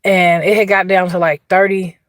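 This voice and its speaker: A woman's voice: lowish voice, flat delivery, normal speed, dry recording. Chatty Indiana woman livestreaming outdoors. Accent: Indiana, US Midwest. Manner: chatty, laughing, greets viewers by name. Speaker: livestream host. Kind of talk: casual livestream storytelling.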